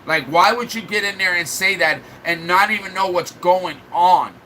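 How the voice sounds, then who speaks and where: A man's voice: high-pitched, moderate pace, sharp tone, slight background noise, rough recording. A man livestreaming in a casual chat, venting at length to his viewers in a rambling, upset way. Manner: rambling, restarts and fillers.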